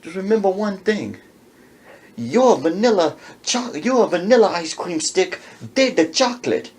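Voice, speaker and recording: A woman's voice: fairly low pitch, animated, fairly quick, pitched above the performer's own voice, close to an everyday voice. A woman voicing a laid-back male homeboy who drawls in slang. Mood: lecturing. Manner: slangy, drawling, says Holmes.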